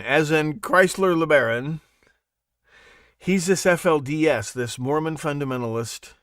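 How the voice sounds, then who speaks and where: A man hosting a live talk show, rambling and animated, with lots of asides and self-corrections. His voice sits a bit high for a man and swings widely in pitch. The sound is dry and close, with no room around it. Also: dry recording. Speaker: podcast host. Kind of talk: casual monologue on a live show.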